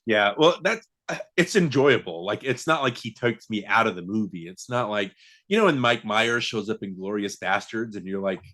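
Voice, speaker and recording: Man, low voice, podcast co-host, casual rambling movie chat, lots of fillers. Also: animated, moderate pace, fairly bright tone. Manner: rambling, many fillers and restarts, laughs often.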